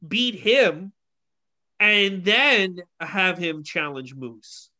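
Exasperated man with a bright, raised voice. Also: high-pitched, sing-song, drawn-out words. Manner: profane, exasperated, opinionated. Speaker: wrestling podcast co-host. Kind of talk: casual chat.

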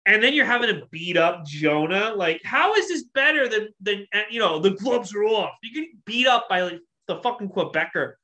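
Co-host, blunt profane ranter, bright sharp tone, mid pitch. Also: animated, normal speed, hardly any pauses. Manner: blunt, mocking, profane ranting. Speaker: podcast co-host. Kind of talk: casual wrestling talk chat.

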